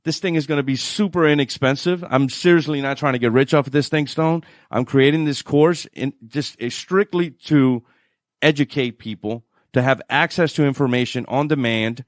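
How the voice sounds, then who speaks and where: Animated New Orleans man storytelling. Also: mid-range voice, normal speed, no echo, studio quality. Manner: animated storytelling, laughs often. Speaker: guest, financial adviser. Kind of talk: radio interview chat.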